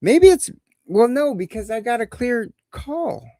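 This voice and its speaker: His voice is very high-pitched, warm, and expressive, unhurried and free of echo. The man is hosting a live call-in show, rambling through casual livestream chat full of crude jokes as he wrestles with technical problems.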